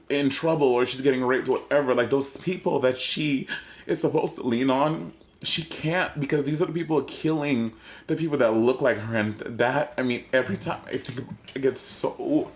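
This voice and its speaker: A man co-hosting a podcast, talking in an earnest, halting way and repeating himself as he gets emotional. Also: mid-range voice. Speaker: podcast co-host.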